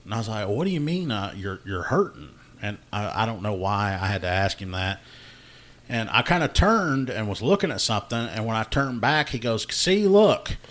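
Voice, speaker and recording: A man's voice: on the low side, lively intonation, fairly quick, fairly bright tone. Laughing man telling a story. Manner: laughing storyteller, acts out dialogue. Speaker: podcast host, law enforcement officer. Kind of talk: casual chat, storytelling.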